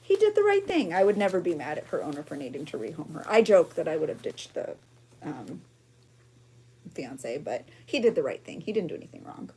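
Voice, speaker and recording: A woman's voice: sits low, big pitch swings, a little fast, dark tone, slightly rough. A woman hosting a craft journaling vlog, chatty and emotional, rambling with fillers as she shows her pages. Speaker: junk journaling video host.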